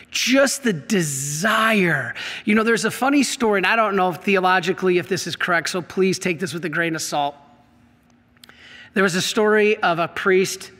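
A man's voice: high-pitched, in a large hall. A male priest teaching about faith, telling stories with feeling and acting out the voices in them. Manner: animated storyteller, acts out quoted voices; emotional, worked up.

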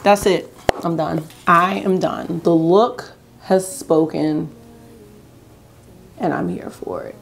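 A woman beauty vlogger chatting casually and excitedly to her viewers while doing her makeup. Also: fairly low pitch, slow, creaky, long pauses. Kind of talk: casual makeup tutorial chat.

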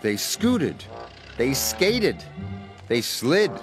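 A man reading a children's story aloud as narrator, expressive and dramatic. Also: drawn-out words. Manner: expressive, shifting pitch for drama. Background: music.

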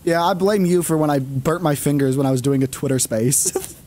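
A man's voice: a little high, brisk, darkish tone. A man streaming a game, chatting casually and rambling with plenty of fillers. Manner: rambling, lots of fillers and laughs. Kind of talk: casual chat.

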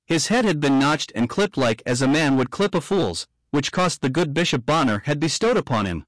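A man's voice: fairly high pitch, lively intonation, moderate pace, dry recording, low-quality recording. Man reading a martyrs' history aloud. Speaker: audiobook reader. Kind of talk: scripted narration of a historical book.

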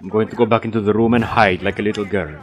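A man's voice: fairly low pitch, steady tone, fast, slight background noise. A young man in casual, crude gaming chat with friends, joking around. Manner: crude, joking, puts on silly voices. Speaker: gamer.

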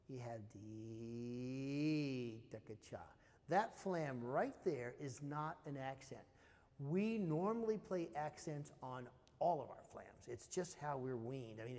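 A man, a percussion lecturer, teaching snare drum études in a relaxed spoken style, singing out rhythms with scat syllables. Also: medium pitch, big-room sound. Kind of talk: spoken music instruction.

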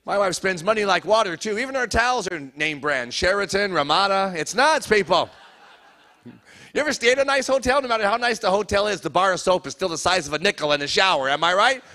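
A man's voice: sits high, animated, fairly quick, bright, forceful tone. A middle-aged man doing a stand-up comedy routine in a church hall, teasing the live audience between jokes. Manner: crowd work, teasing the audience.

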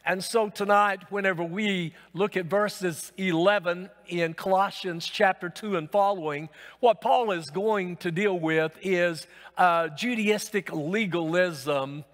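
A male pastor preaching a sermon, unhurried and pausing often with "uh" between phrases, in a church sanctuary. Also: high-pitched, a bit bright. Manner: unhurried, with frequent "uh" pauses. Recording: long reverb of a church hall.

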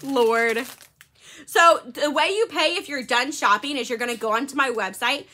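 A woman's voice: high voice, normal speed, pushed and bright. A woman hosting a live shopping stream, chatty and laughing often as she calls out items and bin numbers. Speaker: live-sale host.

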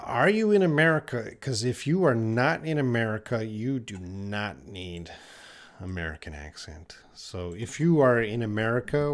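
A man teaching English in a live question-and-answer stream, reading viewer questions aloud and answering them patiently. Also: lowish voice. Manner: slow, patient, reads viewer questions aloud then explains.

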